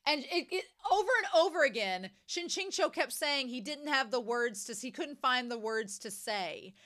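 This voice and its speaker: A young woman casually discussing a novel she is reading, animated and jumping to excited high notes. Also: moderate pace. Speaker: book reviewer.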